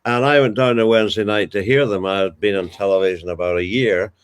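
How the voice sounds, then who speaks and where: Older Northern Irish man, deep voice. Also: fairly even intonation, fast talker, smooth. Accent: Ballymena, Northern Irish. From Ballymena, Northern Ireland. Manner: warm anecdotal storyteller with fond asides. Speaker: guest, television broadcaster. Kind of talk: casual storytelling interview.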